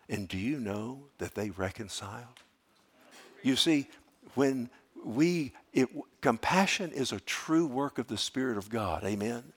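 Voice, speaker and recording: A man's voice: mid-range voice, expressive, a little slow, breathy edge. A middle-aged man delivers a sermon in an ordinary mid-range voice. He presses points by repeating them and restarts his phrases, then falls to a near-whisper when he tells a story. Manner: impassioned preaching that swings from loud urgency to hushed storytelling. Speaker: pastor.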